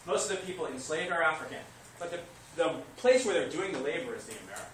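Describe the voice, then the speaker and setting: A man's voice: fairly high pitch, fast. Man lecturing a class from across an echoey room. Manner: lively, asks the class questions and answers them himself. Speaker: history teacher. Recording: echoey classroom recorded from far off, noisy.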